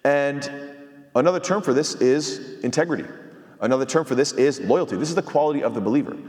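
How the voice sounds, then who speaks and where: A man's voice: medium pitch, lively intonation, fairly quick, darkish tone, big-room sound. A man, an imam, giving a sermon-style commentary on scripture, explaining step by step, quoting Arabic and asking rhetorical questions.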